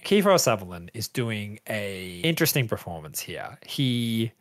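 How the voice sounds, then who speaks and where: A man hosting a casual film podcast, recapping scenes in an animated way and laughing often. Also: on the low side, normal speed. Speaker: podcast host.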